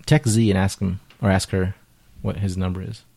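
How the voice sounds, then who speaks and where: A man's voice: low-pitched, little pitch movement, moderate pace, vocal fry, mellow. A man co-hosting a podcast in crude casual banter, goading and mocking his partner. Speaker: podcast co-host.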